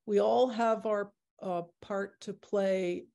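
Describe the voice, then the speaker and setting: A woman's voice: mid-range voice, steady tone, slow pace, gravelly, warm tone. A woman in her sixties, the artist presenting her work, talking in a rambling, chatty way with many fillers. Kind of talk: casual Q&A discussion.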